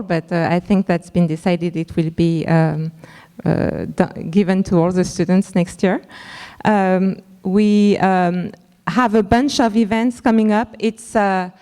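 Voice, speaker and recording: A woman, a school's director of advancement, presenting at a member forum and speaking haltingly with many fillers. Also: on the low side, a little mellow, clear, resonant tone, big-room sound. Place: large hall at a school forum.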